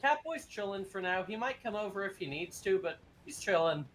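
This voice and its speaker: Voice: medium pitch, expressive, fairly quick, crowd noise. Laid-back co-player, casual chat. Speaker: co-player on stream.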